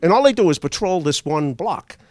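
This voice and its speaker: A man's voice: a little high, fairly quick, no room sound, clean studio sound. An older man telling a comic story to a live audience, chuckling as he goes. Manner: animated, chuckles through his own story.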